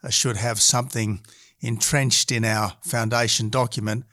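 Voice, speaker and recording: Man, Australian accent, middle-aged, political guest, deliberate arguing, lots of hesitation, dry sound. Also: mid-range voice, flat delivery, sharp tone, dry recording. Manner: measured and argumentative, frequent hesitations. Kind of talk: political interview.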